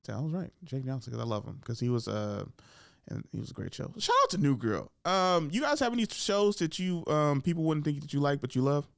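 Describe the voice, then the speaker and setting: A man's voice: fairly high pitch, lively intonation, fairly quick, vocal fry, no echo, studio quality. A young man hosting a podcast in casual comedic chat, swearing freely and acting out voices. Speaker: podcast host.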